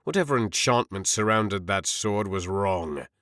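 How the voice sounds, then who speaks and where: A man's voice: fairly low pitch, expressive, unhurried, fairly bright tone, dry recording, studio quality. Man voicing a menacing scheming lord. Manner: cold and threatening. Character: scheming older lord, menacing and power-hungry.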